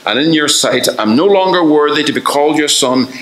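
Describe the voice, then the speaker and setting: A man's voice: a little high, lively intonation, fairly quick, fairly bright tone, voice pushed up. A man voicing a humbled young man who pleads with his father, quoted in a sermon in an echoey hall. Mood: pleading.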